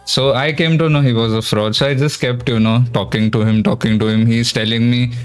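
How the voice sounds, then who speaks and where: Halting man telling a story, faint music. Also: medium pitch, steady tone, smooth. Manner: halting, repeats words. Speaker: panel guest. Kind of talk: casual storytelling.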